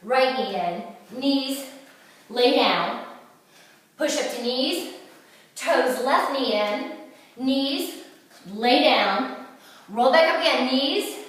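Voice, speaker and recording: Breathy woman instructor in an echoey room. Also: high voice, expressive, very slow, pauses often, far from the mic. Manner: cueing moves while exercising. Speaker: fitness instructor. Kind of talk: workout demonstration.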